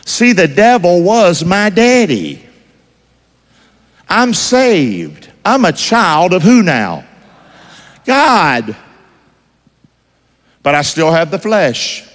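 Preacher man, pitch jumping all over, big echoey hall, keeps throwing questions at the crowd. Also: wildly swooping pitch, very slow, long pauses. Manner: call-and-response preaching, asks the crowd to finish lines. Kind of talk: sermon.

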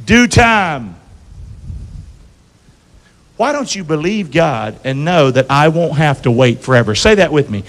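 A man's voice: a little high, sing-song, a little slow, long pauses. A pastor preaching a sermon to his church, calling out questions for the congregation to answer back and asking them to repeat lines. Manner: call-and-response preaching, asks congregation to repeat. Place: church sanctuary. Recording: long hall reverb.

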